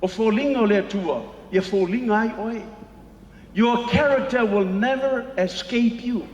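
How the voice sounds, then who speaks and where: A man preaching a bilingual sermon at an evening church service, emphatic and slow on key phrases. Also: sits high, a little mellow, dull audio. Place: large church hall. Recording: echoey hall with long reverb.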